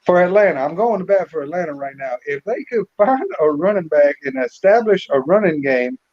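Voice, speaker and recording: A man's voice: fairly high pitch, fairly quick. Man talking football, slightly lo-fi. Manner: relaxed, repeats words while thinking. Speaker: co-host. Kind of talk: casual sports chat. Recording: slightly dull lo-fi audio.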